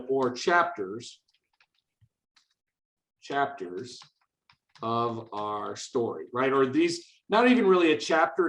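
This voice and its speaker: A man's voice: medium pitch, fairly bright tone, reverberant, low-quality recording. A man leading a hands-on coding workshop for teachers, chatting casually and upbeat with many fillers and restarts.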